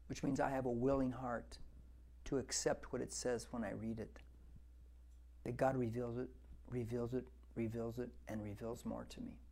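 A man's voice: mid-range voice, little pitch movement, measured pace, gravelly, pauses often, warm tone. A man in his sixties preaching a verse-by-verse Bible teaching, talking conversationally and repeating words for emphasis as he builds to fervent exhortation. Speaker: pastor.

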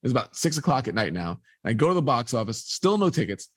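Talking fast in a mid-range, slightly rough voice with no room sound, a man shares a personal story during an interview. He's a sports photographer, and he animatedly acts out the quoted dialogue.

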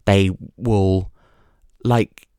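A man's voice: deep voice, fairly even intonation, very slow, dark tone, clean tone, no room sound, studio quality. A man hosting a podcast, talking in a rambling comic monologue, full of restarts and swearing. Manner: digressive, sweary, stumbling restarts. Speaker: podcast host.

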